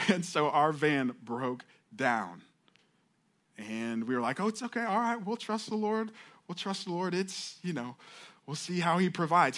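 A middle-aged man preaching in a relaxed, conversational way, his voice sitting a little high for a man. He often restarts his phrases. He voices the prayers of Bible figures with rising intensity. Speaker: pastor. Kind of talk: sermon.

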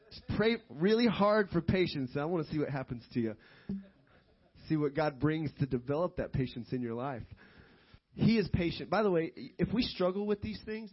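A middle-aged man preaching a sermon as pastor, animated and building to loud, emphatic stretches. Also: fairly high pitch, breathy edge, highs cut off.

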